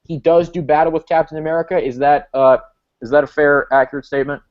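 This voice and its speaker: A man's voice: fairly high pitch, steady tone, fast. A man hosting a casual fan discussion, chatty and asking long rambling questions. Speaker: podcast host. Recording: dull lo-fi audio.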